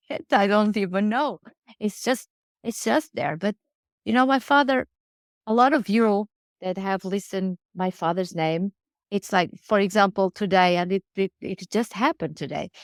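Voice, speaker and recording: A woman's voice: medium pitch, a little slow, no echo, clean studio sound. A woman, speaking earnestly in a casual interview and often repeating words as she searches for phrasing. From Portugal. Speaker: guest, riding instructor.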